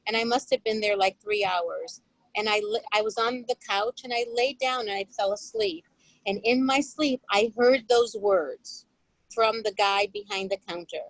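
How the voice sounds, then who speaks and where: A woman on a video call telling a personal story to a discussion group in an animated way. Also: mid-range voice, moderate pace, dry recording, low-quality recording. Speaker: course participant.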